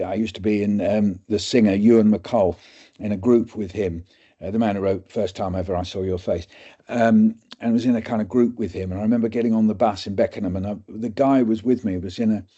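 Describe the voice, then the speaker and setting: An older English man tells his story in a rambling, self-mocking way, with a low, husky voice and a dark, mellow tone. He keeps acting out what other people said to him. The sound is a dull, lo-fi webinar recording. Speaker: guest speaker. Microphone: video call.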